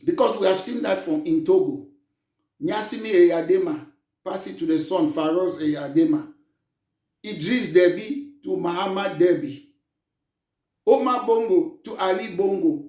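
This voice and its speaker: A man speaks in a notably high voice, giving a fervent, emphatic political address as a party leader. His words bounce around a reverberant room, and he sounds set back from the mic. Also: measured pace, far from the mic. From Cameroon. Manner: impassioned, emphatic, rising to shouts. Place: room in London.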